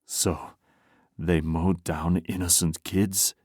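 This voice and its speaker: A man voicing a grieving, angry team owner who speaks low through gritted teeth. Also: takes it slowly, vocal fry, dry recording, clean studio sound, full character voice. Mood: bitter. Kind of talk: audiobook character voice.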